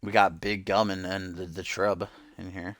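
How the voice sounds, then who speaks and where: A man's voice: sits low, flat delivery, moderate pace, fairly bright tone, dry recording. A man hosting a game stream, calling the matches like a loose, joking wrestling announcer. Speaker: streamer and host. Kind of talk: mock wrestling commentary over a video game.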